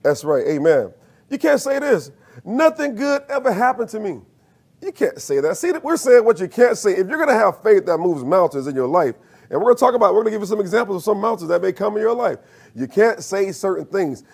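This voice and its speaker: A man's voice: high-pitched, sing-song, quick pace, vocal fry, slightly rough. A man preaching a sermon as minister, using call-and-response and rising to emphatic peaks.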